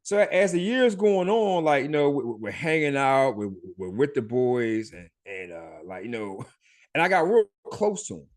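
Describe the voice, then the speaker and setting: A man's voice: medium pitch, sing-song, moderate pace. A middle-aged man hosting a podcast, telling his life story in a loose, profane way, with frequent laughs and many fillers. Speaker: podcast host. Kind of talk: casual storytelling.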